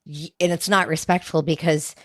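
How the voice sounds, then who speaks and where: Chatty woman dog trainer, lower voice. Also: normal speed, dry recording, studio quality. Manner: animated storyteller, acts out voices, lots of "like". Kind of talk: casual podcast chat.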